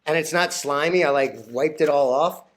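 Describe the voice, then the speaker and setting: Rambling crude man, slightly high voice. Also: normal speed, a little hiss or hum. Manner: crude, rambling, heavy on "like" fillers, laughs at own jokes; animated and easily flustered. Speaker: stock trading vlogger. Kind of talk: casual off-the-cuff rant.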